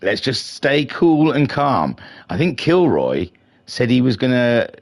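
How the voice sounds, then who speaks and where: A man's voice: mid-range voice, big pitch swings, takes it slowly, creaky. A middle-aged man hosting a racing league stream in a chatty, self-mocking, slightly flustered way. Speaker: league race stream host. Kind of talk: casual live-stream race commentary.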